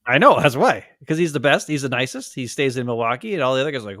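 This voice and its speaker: A man's voice: mid-range voice, big pitch swings, quick pace, few pauses, sharp tone, no room sound, clean studio sound. A man from Wisconsin, co-hosting a casual sports podcast and rambling through stories in which he acts out the people he quotes. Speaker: podcast co-host. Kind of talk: casual chat.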